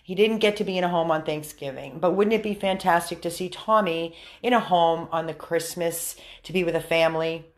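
A woman's voice: on the low side, a little fast, few pauses. An American woman volunteering with a dog rescue, speaking earnestly to viewers in an appeal video from a room at the rescue house. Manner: earnest, coaxing baby talk to the dog.

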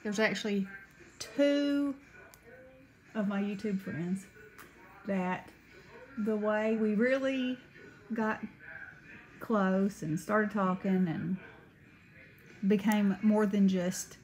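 Slow, gushing Southern woman. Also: medium pitch, a little mellow, slight background noise, poor audio. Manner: chatty, gushing, Southern-friendly. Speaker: craft vlogger. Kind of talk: casual haul chat. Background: paper crinkling.

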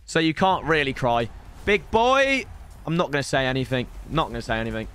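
A young man, streaming a pack opening, slightly hoarse. He talks in an excitable way, swinging between shouting and grumbling. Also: mid-range voice, a little fast, faint music behind.

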